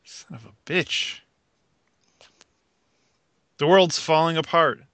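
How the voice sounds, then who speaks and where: A man's voice: a little high, steady tone, slow, a bit bright, clear, resonant tone, no echo. A man in casual comic book chat, easygoing, laughing along and explaining things plainly.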